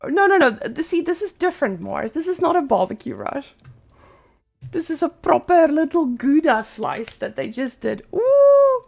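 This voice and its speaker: Gravelly, animated woman streaming gameplay. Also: high-pitched, normal speed. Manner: animated, blunt and swears freely. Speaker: streamer playing a strategy game. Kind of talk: live gameplay commentary.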